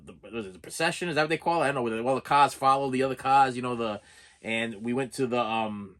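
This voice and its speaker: A man's voice: mid-range voice, a bit bright. Emotional man telling a personal story. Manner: halting, repeats words, voice rises when upset. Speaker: movie collecting channel host. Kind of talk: personal emotional vlog monologue.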